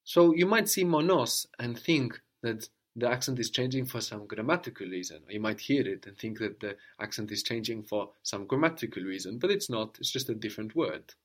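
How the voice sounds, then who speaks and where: A man's voice: mid-range voice, animated, brisk, few pauses. A man teaching a spoken language lesson, explaining patiently step by step and prompting a student to answer.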